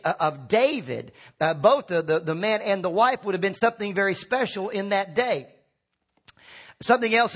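A man's voice: high-pitched, fairly bright tone. A man preaching a sermon as pastor, talking conversationally with restarts and acting out quotes.

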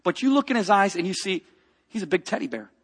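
A man preaching a personal testimony, telling a story with lively acted-out quotes and dropping to a hush for tender moments. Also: sits high, fast talker. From grew up in a rough biker family.

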